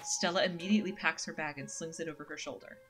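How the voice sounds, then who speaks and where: A woman's voice: sits low, quick pace, a bit bright, slight background noise. A woman streaming a horror visual novel, chatting and reading the text aloud. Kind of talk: casual game narration.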